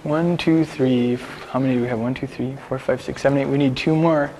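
A man's voice: medium pitch, steady tone, a little fast, darkish tone. A man teaching a Bible lesson to a group, explaining scripture casually and directing a skit in a large hall. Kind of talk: sermon with a class skit.

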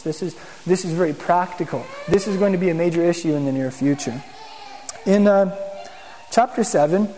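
High-voiced man preaching in a reverberant room. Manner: casual and animated, asks the room questions. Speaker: teacher in a Messianic congregation. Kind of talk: conversational sermon.

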